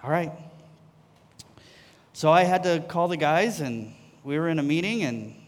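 A man shares a personal testimony with a congregation, his voice sitting a little on the high side. He tells the story lively and acts out the dialogue within it, and his words ring out with the long reverb of a big hall. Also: measured pace. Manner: storytelling, acting out conversations.

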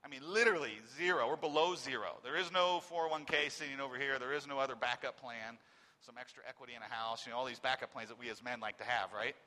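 Man, forties, personal testimony, bright forceful tone, loud emphasis dropping to quiet halting phrases, long hall reverb. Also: medium pitch. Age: 40s. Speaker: speaker giving a personal testimony.

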